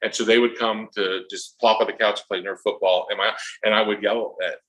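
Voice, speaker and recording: A man in his fifties, an author guest telling comic anecdotes with lively acted-out scenes. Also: fairly low pitch, rough recording. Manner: comic, acts out scenes in quick voices. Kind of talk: animated storytelling.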